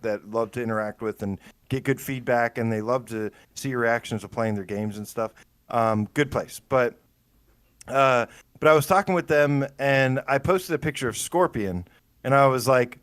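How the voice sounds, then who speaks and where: A man's voice: mid-range voice, fairly bright tone, smooth, no echo. A man co-hosting a casual gaming podcast, telling stories with lots of fillers and rambling enthusiasm. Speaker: podcast co-host.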